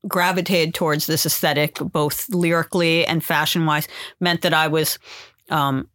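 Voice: medium pitch, steady tone, moderate pace, fairly bright tone, dry recording. A podcast host in casual conversation, rambling thoughtfully with filler words and self-corrections. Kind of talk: casual podcast conversation about music subculture.

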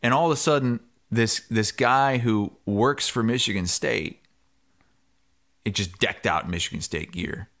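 A man co-hosting a sports podcast, telling a story in casual chat and shouting the quoted lines loudly. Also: lowish voice, unhurried. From Iowa. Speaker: podcast co-host.

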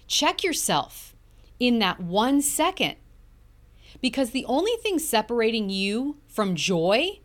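A woman's voice: mid-range voice, fairly bright tone. A middle-aged woman hosting a motivational podcast, talking earnestly and emphatically and stretching key words for effect. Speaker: podcast host.

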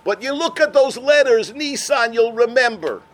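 An older man, a rabbi, telling stories in a sermon, swinging from shouts to hushed words. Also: very high voice, lively intonation, normal speed. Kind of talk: sermon storytelling.

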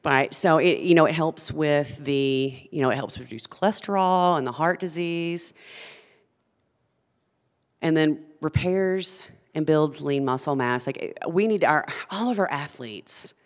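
A woman's voice: low voice, unhurried, long reverb tail. A woman who founded a food company, talking earnestly and with passion as a guest in a conversational interview.

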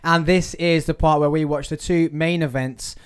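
A man's voice: a little high, steady tone, moderate pace, clear, resonant tone. Jokey man hosting a fight-watch podcast. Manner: jokey, laughing, mimics accents. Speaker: podcast host. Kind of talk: casual chat.

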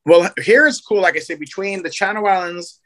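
A man from Southern California in casual podcast chat, telling animated fishing stories full of slang. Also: high voice. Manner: fast, animated storytelling with slang. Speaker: guest, fishing program organizer.

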